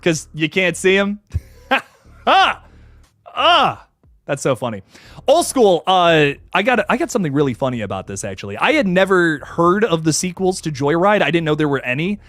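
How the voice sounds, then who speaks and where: Excitable profane man hosting a horror livestream. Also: fairly quick, no room sound. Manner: excitable, profane, laughs often, jumps from low mumbles to loud bursts. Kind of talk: casual livestream chat reading viewer comments.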